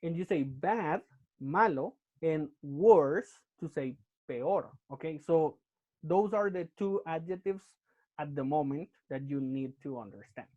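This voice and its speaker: A man's voice: on the high side, a little slow, dark tone. A man teaching English grammar in an online class, explaining step by step and checking in with "okay?" after each point. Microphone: computer mic on a video call. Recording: muffled lo-fi video call audio.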